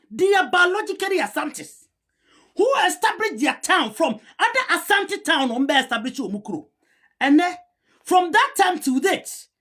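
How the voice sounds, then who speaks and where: A Ghanaian-accented woman delivers heated, argumentative commentary, pushing back against a historian while moving between a local language and English. Her voice sits very high, with a fairly bright tone.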